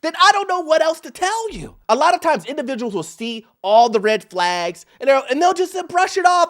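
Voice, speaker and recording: A man's voice: very high-pitched, sing-song, a little fast, hardly any pauses, a bit bright. A man hosting a commentary video, emphatic and mocking, acting out quotes as he reacts to clips. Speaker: host.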